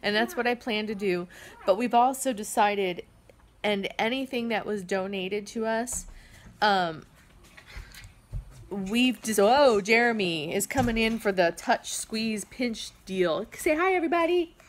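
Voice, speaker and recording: A woman's voice: medium pitch, slow. Earnest, shaky-voiced woman vlogging at home. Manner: earnest, rambling, many fillers and restarts. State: emotional, shaky. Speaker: vlog host. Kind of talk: casual heartfelt talk to camera. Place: family home with kids around.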